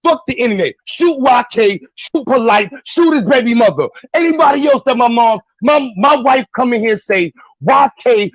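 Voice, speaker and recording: Brooklyn man, very high voice, angry shouted livestream rant, dry close sound. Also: lively intonation, moderate pace, few pauses, no room sound, poor audio. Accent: Brooklyn, New York. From New York.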